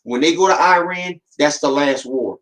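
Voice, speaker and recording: Slangy man hosting a podcast, slightly high voice. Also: moderate pace, fairly bright tone, rough recording. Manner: slangy, streetwise storytelling that acts out quoted voices; warns and urges listeners with repeated "man" and "watch". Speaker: podcast host. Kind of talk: casual podcast monologue.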